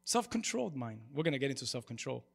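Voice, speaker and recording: A male pastor preaching an animated sermon to a congregation and calling for their responses. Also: mid-range voice, quick pace, gravelly, breathy edge. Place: church before a congregation.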